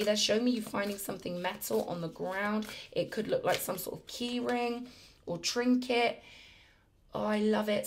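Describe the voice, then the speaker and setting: A woman talks her viewers through a spiritual tarot reading. She sounds effusive and emphatic, with a chatty, mid-pitched voice that keeps pressing each point home. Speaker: tarot reader.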